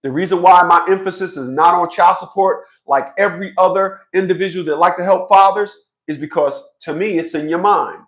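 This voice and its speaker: A man's voice: high-pitched, brisk, hardly any pauses, fairly bright tone. A man in his fifties giving a blunt, profane vlog monologue, stammering through repeated restarts. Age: 50s. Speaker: fathers' rights commentator.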